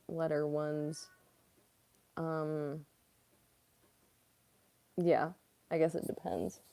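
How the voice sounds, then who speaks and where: A young voice actress and streamer chats casually during a livestream Q&A, rambling and leaning on lots of fillers. Her voice is deep and warm.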